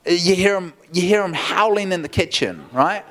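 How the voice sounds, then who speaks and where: A man's voice: sits high, normal speed. A man preaching as a pastor, telling a story with lots of laughter and acted-out quotes. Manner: animated, laughing often, acts out quotes. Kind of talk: storytelling sermon.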